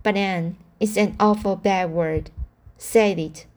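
A woman's voice: mid-range voice, steady tone, slow, a little mellow, lightly acted. A woman voicing Davy, a sheepish little boy. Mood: earnest. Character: small mischievous boy, earnest and sheepish.

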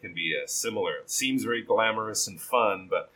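A man teaching pronunciation, giving patient feedback on a learner's reading and modelling sentences slowly with strong stress. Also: fairly low pitch, lively intonation, sharp tone, husky, low-quality recording.

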